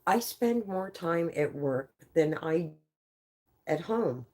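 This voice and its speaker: A woman's voice: deep voice, lively intonation, slow pace, dark tone. A woman livestreaming, telling casual stories full of swearing and laughing often through her words. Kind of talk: casual storytelling on a live stream.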